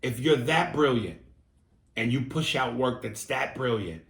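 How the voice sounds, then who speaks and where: A man co-hosting a podcast in casual chat, a few drinks in, animated and swinging between low mumbles and excited outbursts. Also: a little slow. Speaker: podcast co-host. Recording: roomy echo.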